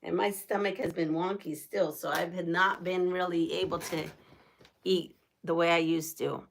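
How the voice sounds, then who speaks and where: A woman vlogger talks in a relaxed, rambling way as she works on a quilt. Her voice carries a gravelly fry, and she keeps circling back to her own tangents. A faint hiss of noise sits under the recording. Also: fairly low pitch, normal speed. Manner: chatty, rambling, laughs at herself. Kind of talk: casual chat while quilting.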